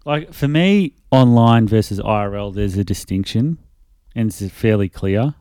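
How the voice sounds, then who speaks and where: A fairly low, smooth and clear male voice, recorded close and dry. He is a man in his thirties from Australia, chatting casually on a podcast and swearing often. When he quotes people, he slips into mock voices. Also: expressive, unhurried, mellow, dry recording. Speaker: podcast co-host. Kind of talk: casual chat.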